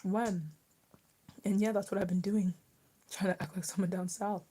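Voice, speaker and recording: A young woman from Maryland hosting a live stream, chatting casually and answering viewer comments out loud while she eats. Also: medium pitch, steady tone, moderate pace, husky. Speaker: livestream host.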